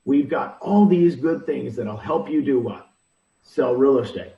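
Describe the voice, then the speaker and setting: A man's voice: medium pitch, expressive, a little slow. A man giving punchy advice with rhetorical questions, recorded echoey, distant and dull. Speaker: interviewee, real estate recruiting mentor. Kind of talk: animated advice talk.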